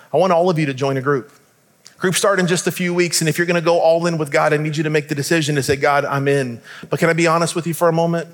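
A man's voice: a little high, in a large hall. A man preaching a sermon as pastor, speaking conversationally and asking the congregation direct questions.

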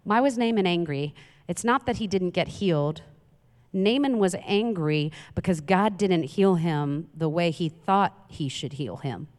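A woman's voice: on the low side, unhurried. Woman preaching in a reverberant hall. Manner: conversational, animated storytelling with asides. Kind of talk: sermon. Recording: long reverb of a large hall.

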